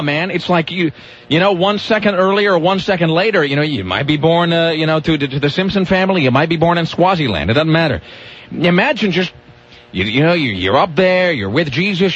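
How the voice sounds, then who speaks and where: A man's voice: on the high side, a bit bright, slightly rough. A man hosting a radio talk show, rambling through sardonic comic riffs with lots of restarts. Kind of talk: casual comic radio banter. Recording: dull lo-fi radio broadcast.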